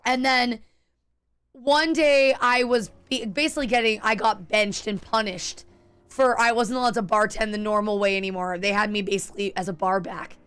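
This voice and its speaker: A woman's voice: mid-range voice, steady tone, normal speed, a bit bright, clear, resonant tone. A young adult woman streaming a game, chatting candidly with viewers in a rambling way, restarting sentences and swearing freely. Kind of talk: casual chat while gaming.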